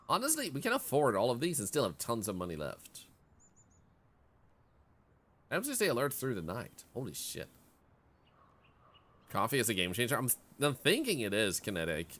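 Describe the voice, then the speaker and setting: A man's voice: medium pitch, fairly bright tone. A man streaming a video game in casual commentary, chatting and reading the game's text aloud as he plays. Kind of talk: casual let's-play commentary.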